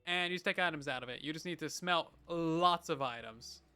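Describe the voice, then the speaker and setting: Young guy streaming, playful chatty voice, bright and clear, bit of music behind. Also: a little high, fairly quick. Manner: playful, animated, chatty with frequent laughs. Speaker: livestreamer. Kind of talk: casual livestream chat reading viewer messages.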